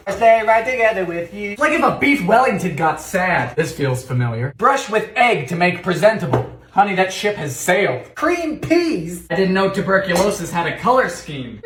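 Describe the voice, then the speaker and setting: A man hosting a comedic cooking show, narrating in a theatrical, sardonic way with sudden jumps in pitch and loudness, in a home kitchen. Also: very animated, moderate pace. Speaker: host of a vintage cooking show.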